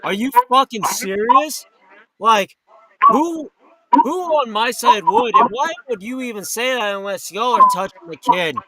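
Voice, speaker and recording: A man's voice: very high voice, a little slow, a crowd in the background, low-quality recording. A man hosting a live talk radio show, ranting angrily with heavy profanity. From New York or Florida. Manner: profane, heated, indignant. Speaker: host. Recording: loud background noise.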